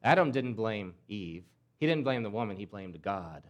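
A man's voice: lowish voice, animated, normal speed, hardly any pauses. A man preaching a sermon in an emphatic way, often repeating words and acting out quoted voices. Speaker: pastor.

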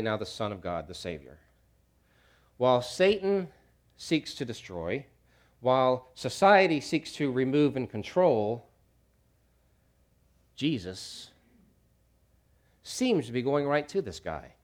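A man preaching a sermon, swinging from hushed low lines to loud shouts, with jokey asides. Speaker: pastor.

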